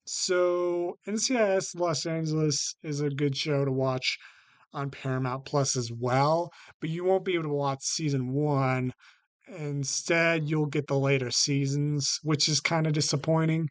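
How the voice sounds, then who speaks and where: On his own vlog, a man ranks his favourite TV shows, talking to camera unscripted and haltingly, with many fillers, frequent restarts, and a habit of saying "basically." His voice is fairly high, steady, and smooth, with no echo.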